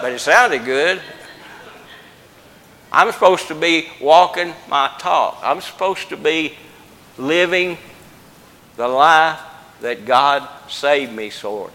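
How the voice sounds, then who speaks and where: A man's voice: mid-range voice, sharp tone, big-room sound, poor audio. An older man preaching a folksy, plain-spoken sermon, joking with the congregation.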